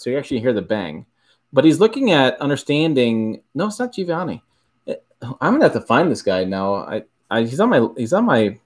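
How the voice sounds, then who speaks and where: A middle-aged man from Michigan hosting a casual livestream, rambling and correcting himself as he answers viewers' questions. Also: mid-range voice. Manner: rambling, self-correcting, chuckles often. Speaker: livestream host.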